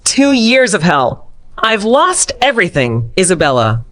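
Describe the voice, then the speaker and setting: A woman's voice: on the low side, sing-song, measured pace, fairly bright tone. A woman voicing a desperate, ruined man who pleads and sobs. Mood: pleading. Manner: pleading, sobbing.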